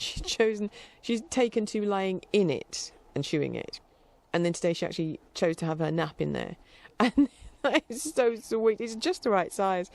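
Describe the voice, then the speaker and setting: A middle-aged woman hosts a podcast, rambling casually in a chatty, meandering way with frequent restarts and laughs. Her voice sits low, creaky and darkish in tone.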